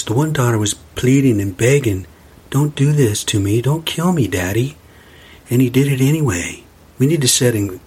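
A man's voice: on the low side, husky. A man hosting a solo podcast and rambling into a profane, ranting monologue. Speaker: podcast host.

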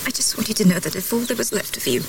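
An actress playing a tender young woman in love with a spy, speaking softly in film dialogue. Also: mid-range voice, animated, very fast, noisy background, close to an everyday voice. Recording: film clip with audible ambience.

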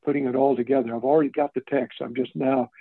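An older man, interviewed as a guest, tells meandering casual stories with many restarts and asides. He talks fast at a medium pitch with fairly even intonation and vocal fry, recorded dry with no room sound over a tinny phone line.

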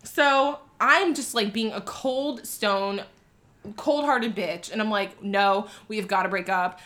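Young woman, casual storytelling, lots of "like", laughs, bright tone. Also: medium pitch, takes it slowly. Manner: animated, laughing storytelling with many "like"s. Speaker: storyteller guest. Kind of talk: casual chat.

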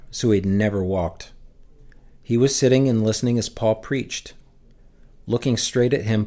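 A man reading Bible passages aloud for a church, in a measured, steady way that slows down for emphasis. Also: on the low side. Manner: lifts his voice for shouted lines in the text. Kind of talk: scripted scripture reading.

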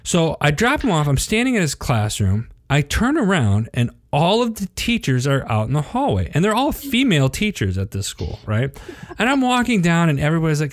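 A man in his thirties co-hosting a podcast, telling a story in casual chat, laughing and acting out quotes in a higher voice. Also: wildly swooping pitch, fairly quick, no room sound, studio quality. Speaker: podcast co-host.

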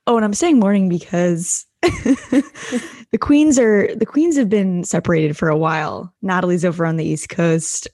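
Croaky, mellow-voiced young woman co-host. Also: lowish voice, a little slow, no room sound, studio quality. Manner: self-deprecating, playful. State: croaky morning voice. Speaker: podcast co-host, teacher. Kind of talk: casual chat.

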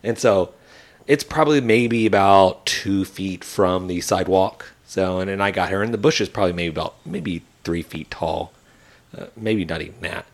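Speaking at a normal pace in a low register, a male podcast co-host in his thirties relays a story during relaxed conversation. He brings the tale to life by performing the characters' lines in their own voices.

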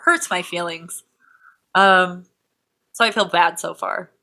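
An American woman hosting a podcast, telling a true-crime story in a profane, sarcastic, animated way. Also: fairly low pitch, slow, gravelly. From United States. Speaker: podcast host.

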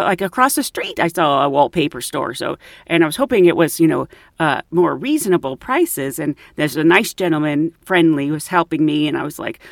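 Animated woman telling a story, lively pitch. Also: creaky, dry recording, clean studio sound. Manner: animated, self-deprecating, laughs often. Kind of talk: casual storytelling.

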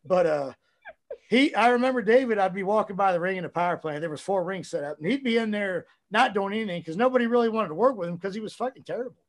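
A man guesting on a podcast, talking casually and profanely in a rambling, animated way. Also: high voice, fast talker.

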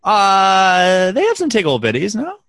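Man co-hosting a podcast, animated swooping voice, dry close sound. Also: sits high, measured pace, no room sound. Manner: animated, playful teasing. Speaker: podcast co-host. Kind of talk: casual chat.

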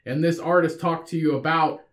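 A man's voice: fairly high pitch, brisk, echoey room. A man co-hosting a podcast, chatting casually and joking, often restarting his sentences. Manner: joking, animated, restarts a lot. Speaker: podcast co-host. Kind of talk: casual chat.

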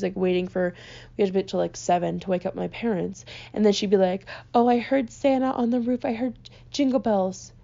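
Exasperated young woman ranting, gravelly. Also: mid-range voice. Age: young adult. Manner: exasperated, swearing, animated. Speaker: podcast host. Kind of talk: casual comedic rant. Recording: dull lo-fi recording.

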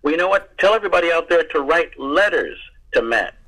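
A man's voice: on the high side, expressive, fairly quick, sharp tone, low-quality recording. An American man, a guest actor, telling rambling stories in an interview, repeating words and laughing often. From United States. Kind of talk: casual interview storytelling.

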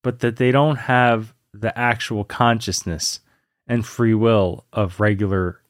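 Casual podcast co-host, man from Virginia, low voice, dry close-mic, rambling storyteller. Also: steady tone, unhurried, no room sound. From Virginia, USA. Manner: rambling storyteller with fillers and restarts. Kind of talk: casual conversation.

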